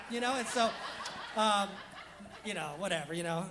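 A man's voice: very high-pitched, a little fast, background noise. A man preaching a casual, humorous sermon as pastor, laughing often and acting out quoted voices.

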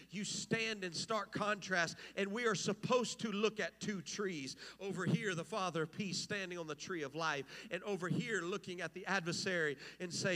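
A man's voice: high voice, normal speed, few pauses, bright, forceful tone, long reverb tail. A man preaching an impassioned, emphatic sermon as pastor, rising and falling in intensity.

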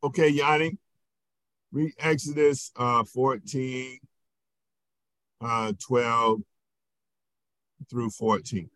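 Slow-talking pastor teaching a Bible lesson. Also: male voice, medium pitch, steady tone, a bit bright, no room sound. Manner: slow, questioning, often checks in with "right?".

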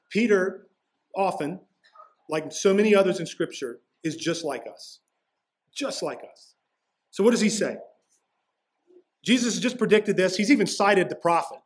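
A man preaching a sermon as pastor, walking through a passage in a casual, conversational way with slangy asides. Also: high-pitched.

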